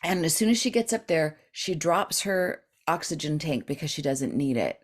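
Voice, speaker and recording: Middle-aged woman guest, animated storyteller, slips into quoted voices, low-set voice. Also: normal speed. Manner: animated, acts out quoted voices with big pitch jumps. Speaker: guest author and dream expert. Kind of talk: storytelling in a podcast interview.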